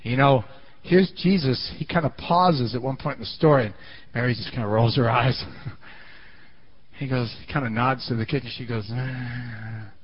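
A man's voice: mid-range voice, normal speed, slightly rough, highs cut off. A man preaching a sermon in a dramatic storytelling style, often asking the audience questions.

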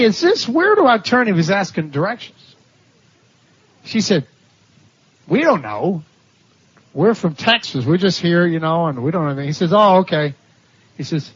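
High-voiced, husky man preaching a story sermon. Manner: animated storytelling, laughing at his own stories, acting out quoted voices. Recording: dull lo-fi sermon recording.

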